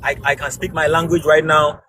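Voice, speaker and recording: A man from Ghana in a heated debate, speaking earnestly and haltingly with frequent restarts. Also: fairly high pitch, flat delivery, a loud crowd. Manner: earnest, halting, with many restarts when interrupted. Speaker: debate participant. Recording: noisy background.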